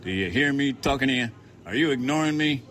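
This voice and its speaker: A man's voice: medium pitch, expressive, fairly quick, a bit bright, pitched above the performer's own voice, close to an everyday voice. A man reading a story and voicing a hostile hard-hatted worker who taunts and threatens with contempt.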